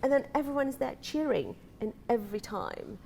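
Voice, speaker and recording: Lively storytelling woman guest. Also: high-pitched, a little fast, gravelly, crowd noise. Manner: animated storytelling, acts out her own thoughts, laughs often. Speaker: event participant guest. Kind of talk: casual talk show chat.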